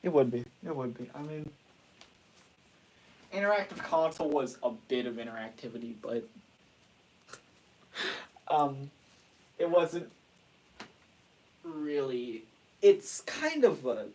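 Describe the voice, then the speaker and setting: A man's voice: mid-range voice, slow pace, pauses often, a little mellow. A man chatting casually as host, rambling and restarting his sentences often. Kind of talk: casual chat.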